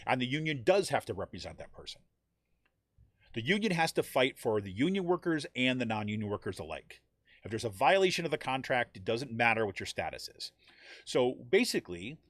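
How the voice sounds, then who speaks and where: A man's voice: dry recording, studio quality. Man explaining with many "right?" checks. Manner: explanatory, keeps asking "right?"; acts out quoted voices with rising pitch. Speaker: podcast host. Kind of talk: casual live commentary.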